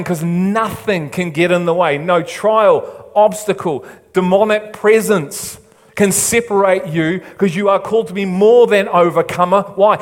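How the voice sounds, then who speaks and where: A male pastor preaching with emphatic, rising delivery. His voice rings out with a long reverb tail, as if in a large church hall. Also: sits high. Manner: emphatic preaching that drops to a hushed, soft delivery. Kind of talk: sermon.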